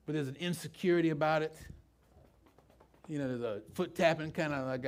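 A pastor with a fairly high voice preaches at a moderate pace, leaving long pauses. His sermon is informal and conversational, and he keeps asking questions of the live congregation in the church.

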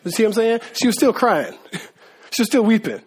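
A preacher with a high, husky, animated voice gives a fairly quick, conversational Bible teaching. He speaks informally with slang, calls his listeners "guys," and acts out the voices of biblical figures from the story.

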